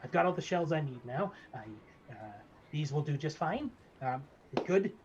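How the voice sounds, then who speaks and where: Guy doing a high fussy little gnome barber, rambly and creepy, kinda dull lo-fi mic. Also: lively intonation, moderate pace. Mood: eager. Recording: slightly dull lo-fi mic, faint noise.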